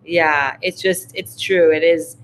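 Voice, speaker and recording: A woman's voice: sits low, steady tone, takes it slowly, slight background noise. A woman guest in a casual conversation, speaking reflectively and from the heart, with many "like" fillers. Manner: reflective, heartfelt, heavy use of "like". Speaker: podcast guest.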